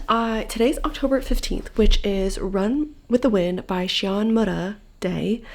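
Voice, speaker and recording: A young woman talks casually and tiredly from her bedroom, in a book vlog full of chatty fillers. Her voice has a gravelly, creaky edge, sitting at an ordinary middle pitch. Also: a little mellow, slight background noise. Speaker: book vlogger.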